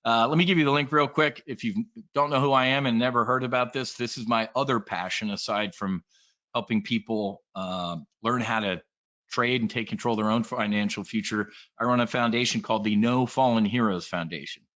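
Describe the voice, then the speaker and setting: A man delivers an animated trading briefing, joking and calling out to the room. His voice is bright and pushed forward. The recording is muffled and lo-fi. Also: mid-range voice, a little fast. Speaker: trading educator. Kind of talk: energetic presentation to an audience. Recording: dull lo-fi sound.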